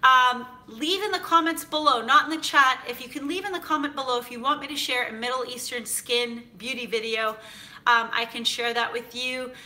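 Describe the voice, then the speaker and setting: A woman from San Francisco hosts a cooking show, chatting casually in a live stream as she reads viewer comments, animated and full of fillers. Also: fairly high pitch, moderate pace. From United States (San Francisco).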